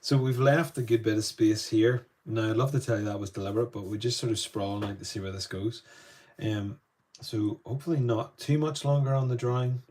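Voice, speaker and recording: A man's voice: on the low side, steady tone, a little fast, darkish tone. A Northern Irish man chatting loosely through a live painting lesson, greeting viewers between strokes. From Northern Ireland. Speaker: art tutor.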